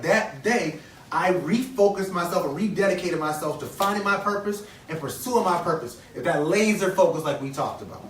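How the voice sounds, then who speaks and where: A man's voice: on the high side, fairly bright tone, a little hiss or hum. A man in his thirties giving an earnest motivational speech to kids at a conference, repeating key phrases and quizzing the audience. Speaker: motivational speaker. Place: conference hall. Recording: echoey hall, distant mic, faint ambience.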